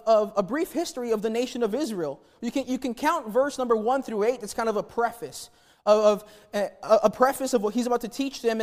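A man from New Mexico preaching a sermon, telling a personal story in a folksy, animated way with many restarts. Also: very high-pitched. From New Mexico, USA. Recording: church hall reverb.

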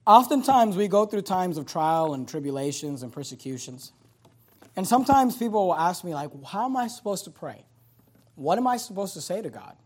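A man preaching a sermon who swings between loud, emphatic passages and quiet asides, putting scripture into casual everyday words. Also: high-pitched, very animated, normal speed. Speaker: pastor.

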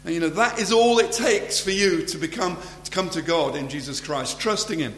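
A man's voice: a little high, normal speed, fairly bright tone. A man preaching a sermon in a church and closing with a prayer, earnest and conversational, often restarting his phrases. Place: church hall. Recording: echoey hall with faint hum.

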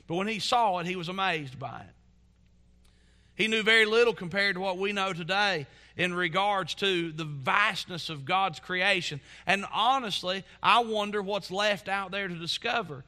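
Man, pastor, sermon in church, high-pitched, bright tone, fervent emphasis and quiet asides. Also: moderate pace. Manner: earnest preaching that swells to fervent emphasis and drops to soft asides.

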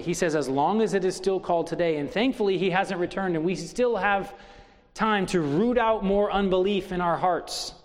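High-voiced man preaching in a reverberant hall. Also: darkish tone. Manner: preaching with rhetorical questions. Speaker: pastor. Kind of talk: sermon.

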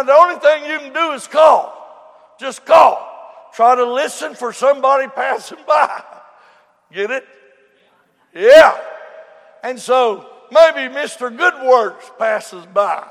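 A man, preaching a folksy storytelling sermon, swinging between shouts and low murmurs. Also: gravelly. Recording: long hall reverb.

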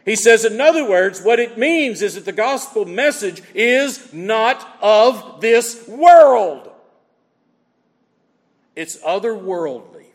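Emphatic preacher with a lively voice. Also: male voice, high voice, slow. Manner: emphatic, repeats phrases for stress. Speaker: pastor. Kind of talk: expository sermon. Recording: long hall reverb.

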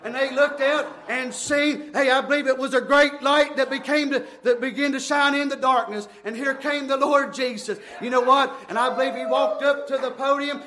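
A man preaching a fervent sermon, shouting in bursts and running out of breath. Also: extremely high pitch.

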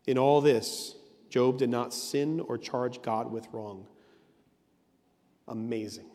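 A man's voice: mid-range voice, fairly even intonation, takes it slowly, pauses often, dark tone, long reverb tail. A man preaching an earnest sermon as a pastor, leaning on emphatic repetition.

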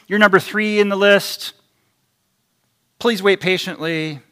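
Emphatic, deliberate male preacher. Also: sits high, fairly even intonation, smooth. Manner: deliberate, emphatic delivery with sharp swings in loudness. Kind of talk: sermon.

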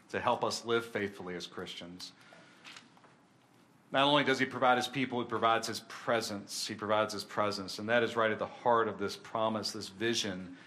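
A man preaching a sermon in an earnest voice, his pitch and force climbing on the points he stresses. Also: bright, forceful tone, slight background noise. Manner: earnest, rising in intensity on key points.

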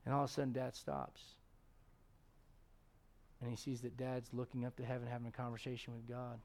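A middle-aged man preaching a sermon as pastor, animated, swinging from loud exclamations to hushed tones and acting out voices in his stories. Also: mid-range voice, brisk. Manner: acts out voices in his stories, chuckles often.

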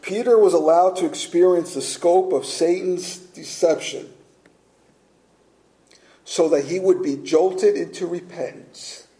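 Mellow-voiced male pastor preaching. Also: high-pitched, unhurried, echoey room, poor audio. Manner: earnest preaching with rhetorical questions. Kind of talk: sermon.

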